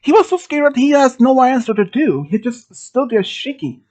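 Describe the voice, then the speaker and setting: A storyteller from Sweden telling a first-person horror story, halting, with restarts and phrasing. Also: sits high, animated, darkish tone. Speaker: channel host telling a story.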